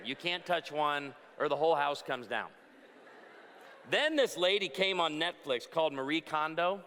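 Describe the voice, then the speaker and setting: Joking man preaching in a bright, echoing hall. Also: on the high side, animated, moderate pace. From outside Chicago. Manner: joking storyteller, punchlines, asks the crowd for amens. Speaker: pastor and speaker. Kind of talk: humorous conference talk. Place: large hall before a live audience. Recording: reverberant hall.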